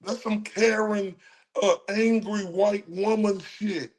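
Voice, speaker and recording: Brief: Texan male streamer, high voice, slow heated profane rant. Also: steady tone. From Dallas, Texas. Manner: profane, heated, laughing asides. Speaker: livestream host.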